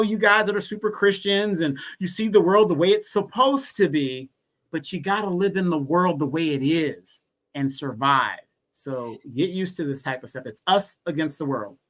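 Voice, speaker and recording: Emphatic, high-voiced man co-host. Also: expressive, normal speed, a bit bright. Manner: emphatic, argumentative. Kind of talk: casual political discussion.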